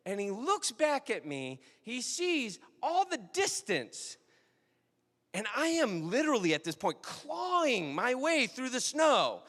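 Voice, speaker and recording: A man's voice: very high-pitched, wildly swooping pitch, a little slow, a bit bright, big-room sound. A man preaching a sermon in a conversational, storytelling way, often asking the audience questions. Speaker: pastor.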